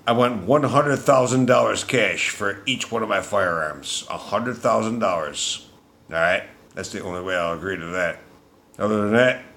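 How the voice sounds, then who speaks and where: A man delivering an angry, profane political rant as a vlogger, shouting at times. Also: on the low side, a little hiss or hum.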